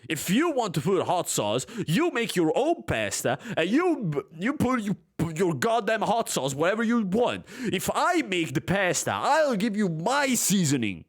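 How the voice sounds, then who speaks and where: A man's voice: high voice, huge pitch swings, a little slow, hardly any pauses. A young man streaming from his room at home, reading forum posts aloud and breaking into heated, profane rants.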